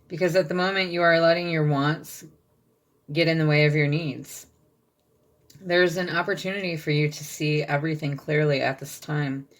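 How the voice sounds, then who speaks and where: A woman giving a channeled tarot reading, reading card texts aloud and checking in with her listeners. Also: sits low. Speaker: tarot reader.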